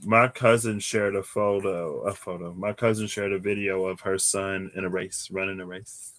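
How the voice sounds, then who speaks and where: A man's voice: sits low, flat delivery, moderate pace, a bit bright. A man doing a casual live tarot reading, chatty and given to laughing and wandering off into asides. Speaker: tarot reader.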